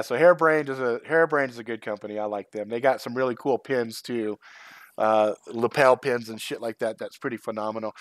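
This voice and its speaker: Middle-aged male streamer, loose rambling live chat, profane, medium pitch, dry close mic. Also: dry recording. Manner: rambling, profane, laughs often. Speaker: channel host.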